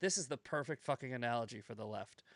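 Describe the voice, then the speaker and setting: A man hosting a casual political chat podcast, profane and animated, slipping into voices when he tells jokes. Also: mid-range voice, fast talker, no echo. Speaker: podcast host.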